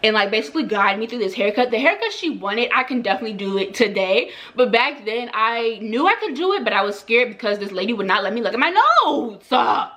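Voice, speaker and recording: A woman's voice: fairly high pitch, lively intonation, a little fast, few pauses, fairly bright tone. A young woman, a hairstylist, telling a story in a casual, chatty way with lots of "like" and repeated phrases. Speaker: hairstylist and vlogger.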